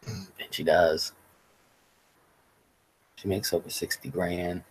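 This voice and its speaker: A man with a husky, slightly breathy voice sitting low in his range hosts a laid-back livestream. He rambles through stories, swearing freely as he chats with his viewers. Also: slow pace, pauses often, rough recording. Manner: rambling, profane storytelling. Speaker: livestream host. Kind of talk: casual livestream chat.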